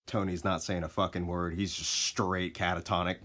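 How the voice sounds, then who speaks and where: A man casually telling a story, laid-back and expressive, with plenty of swearing. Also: deep voice, normal speed.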